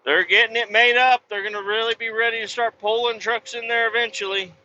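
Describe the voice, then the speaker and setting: Bright-voiced trucker swearing freely while driving. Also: male voice, very high-pitched, fairly even intonation, brisk. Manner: blunt, rambling, swears freely. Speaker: trucker vlogger. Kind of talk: casual chat while driving. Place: truck cab on the highway. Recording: dull lo-fi audio with faint road noise.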